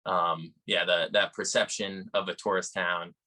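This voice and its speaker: A man from Salem, Massachusetts, an actor and writer, answering interview questions in a halting, thoughtful way with many pauses and restarts. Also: sits low, little pitch movement, bright, forceful tone. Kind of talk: casual interview chat.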